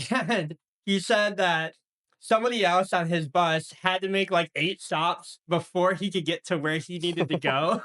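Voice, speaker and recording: A man's voice: sits high, lively intonation, a little slow, bright, forceful tone. A man co-hosting a podcast, chatting casually and telling rambling stories. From Wisconsin. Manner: rambling, laid-back storytelling. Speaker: podcast co-host. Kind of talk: casual chat.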